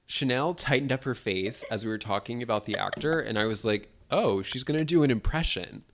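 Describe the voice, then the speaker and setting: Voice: medium pitch, normal speed, a little hiss or hum. A podcast co-host who recaps the plot in casual chat, laughing often and readily agreeing. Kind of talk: casual film discussion.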